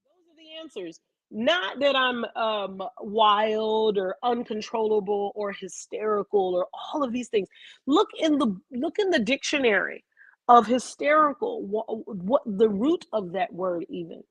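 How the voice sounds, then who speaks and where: A woman's voice: fairly high pitch, expressive, a little slow, husky, dry recording. Emphatic, dramatic woman vlogger. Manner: emphatic and dramatic, heavy swearing. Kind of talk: casual commentary.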